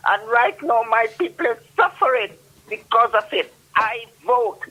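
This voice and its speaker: Bright-voiced insistent woman caller. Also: fairly high pitch, animated, normal speed, slightly rough, rough recording. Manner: insistent, lists numbered points. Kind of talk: radio phone-in call.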